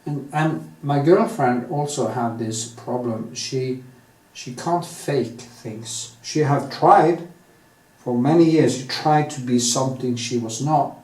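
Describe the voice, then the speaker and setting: A man with a Norwegian accent thinking out loud as he paints, rambling candidly with many restarts and drawn-out stretches. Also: medium pitch. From Norway. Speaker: artist. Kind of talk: casual monologue while painting. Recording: echoey room, mic set at a distance.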